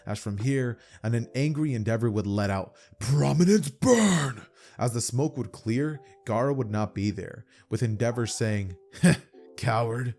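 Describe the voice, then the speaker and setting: Faint music plays behind a man narrating fan-fiction anime at home in a fairly low, warm voice, at normal speed with few pauses. He tells it loosely for his YouTube audience, leaning on fillers and repeating "as from here".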